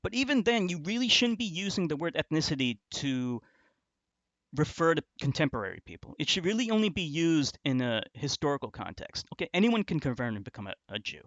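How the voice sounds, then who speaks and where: A man with a sing-song voice on the high side talks briskly in a fairly bright tone; the recording is muffled, with no room sound. In his commentary video he reacts to an online argument scornfully, insulting others and repeatedly restarting sentences.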